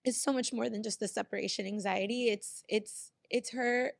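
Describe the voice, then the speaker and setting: Woman on a podcast, kinda raspy fry, heartfelt rambly storytelling. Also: fairly high pitch, fairly even intonation, normal speed, no echo, clean studio sound. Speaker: podcast guest. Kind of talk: casual chat.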